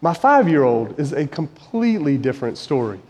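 A man's voice: on the high side, very animated, normal speed, a little mellow. Earnest man preaching in a reverberant hall. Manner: earnest, storytelling, rising to emphatic peaks. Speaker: preacher and high school Bible teacher. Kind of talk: conversational sermon. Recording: long reverb of a large hall.

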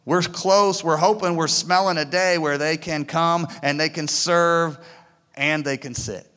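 A man preaching a sermon as pastor, swinging between loud emphatic lines and hushed quiet ones. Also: a little high, fairly even intonation, measured pace, smooth, in a large hall. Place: church auditorium.

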